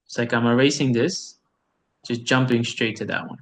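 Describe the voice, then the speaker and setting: Teaching an online Arabic lesson for beginners, a man patiently repeats every word and explains the sounds over video call. His pitch is medium and his speed normal.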